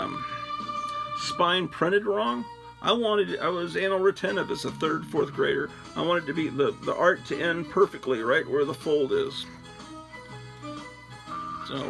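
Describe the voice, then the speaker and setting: An older man chats on and on in a loose, rambling way, poking fun at himself. His voice sits a bit high and has a gravelly rasp. Music plays clearly behind him, and he records on a phone. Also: rough recording. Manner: rambling, chatty, self-deprecating. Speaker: host. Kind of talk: casual solo chat while sorting comics.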